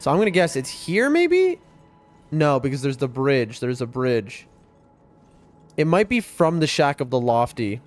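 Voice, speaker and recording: A young man streaming a game, chatting excitably to his viewers as he plays. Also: medium pitch, moderate pace. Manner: chatty, excitable, often addresses chat. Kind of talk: live gameplay commentary to chat. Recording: faint music behind voice.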